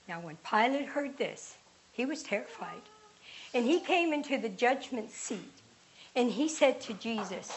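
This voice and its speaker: Slow, measured woman reading scripture. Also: on the high side, lively intonation, fairly bright tone, rough recording. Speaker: reader.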